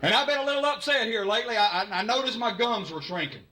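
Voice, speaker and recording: A man's voice: very high-pitched, animated, fast, pushed and bright. A man from Alabama with a Southern accent doing a folksy stand-up comedy set, drawling and playful with the crowd at a live show. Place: live show at a college venue. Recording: live stage mic with crowd noise.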